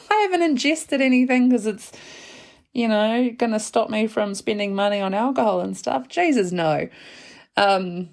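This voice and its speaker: A woman's voice: medium pitch, vocal fry. A woman in her thirties with a New Zealand accent, hosting a casual solo podcast, rambling in a frank, slangy way and laughing often. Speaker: podcast host.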